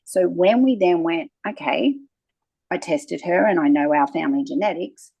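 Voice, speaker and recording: A naturopath, a woman with a fairly low, creaky, slightly rough voice, talks at length as a guest in a conversational interview, speaking at a moderate pace. She tells stories with animation, acting out little quoted exchanges along the way. The audio is muffled but carries no room sound.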